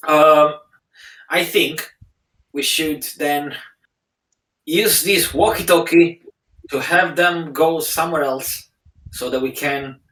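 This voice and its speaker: Man, mid pitch, echoey room, distant mic, earnest and halting player. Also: fairly even intonation, fairly bright tone. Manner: earnest, halting, repeats words. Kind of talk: casual tabletop game talk. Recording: echoey room audio from far off.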